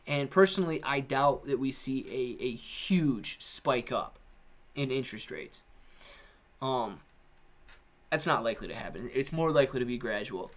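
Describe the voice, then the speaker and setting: A man's voice: medium pitch, fairly bright tone. A man hosting a live stream, chatting casually with viewers, reading out their comments and answering in a laid-back, slangy way. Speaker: livestream host.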